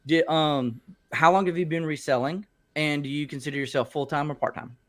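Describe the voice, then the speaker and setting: A man's voice: a little high, fairly even intonation, a little fast. A man hosting a casual online panel chat, chatty and reading viewer comments aloud over a video call. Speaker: show host.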